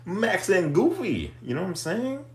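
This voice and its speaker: A man hosting a livestream in casual chat, goofy and animated, laughing often. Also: sits high, normal speed, roomy sound, slight background noise. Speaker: livestream host.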